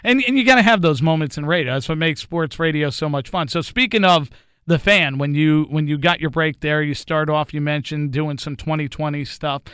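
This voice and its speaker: A man's voice: on the high side, brisk, a bit bright, smooth, dry recording, studio quality. A male host and former radio producer chatting in a casual interview, telling anecdotes and laughing often.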